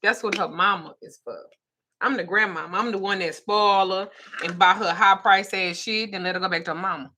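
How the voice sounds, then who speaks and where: A woman's voice: mid-range voice, brisk, bright, forceful tone. A grandmother talking casually, blunt and profane, laughing as she tells stories. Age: older. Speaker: host. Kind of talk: casual chat.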